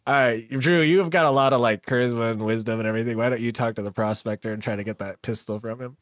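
A man's voice: medium pitch, a bit bright, no echo. Man, player, giggly, chatty, dry close-miked sound. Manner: giggly and quick. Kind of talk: casual tabletop play.

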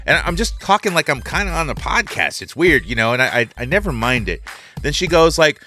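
A man co-hosting a casual podcast, telling profane, animated stories and laughing often. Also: a little high, a little fast, faint music behind. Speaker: podcast co-host.

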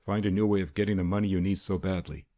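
A man voicing a calm, stern vigilante who speaks quietly and with total confidence. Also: sits low, fast, close to an everyday voice.

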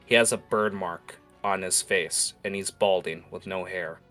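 A man's voice: low voice, steady tone, a little slow, hardly any pauses, pushed and bright, soft background music. A man running a tabletop role-playing game, narrating loosely and peppering his speech with "uh" and "like". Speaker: game master.

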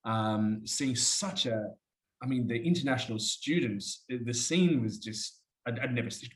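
A man's voice: mid-range voice, a little slow. An Australian man telling stories as an interview guest in a rambling, chatty way. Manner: rambling, chatty, often says "mate". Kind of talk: casual storytelling chat.

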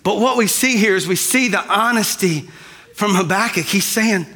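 A man's voice: high voice, normal speed, pushed and bright. A man preaching a sermon, talking conversationally and addressing the congregation directly. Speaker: pastor.

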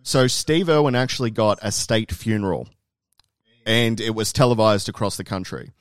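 A man's voice: on the low side, normal speed, dry recording. An Australian man, a podcast co-host appearing as a guest, chatting casually and hunting for words as he rambles. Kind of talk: casual chat.

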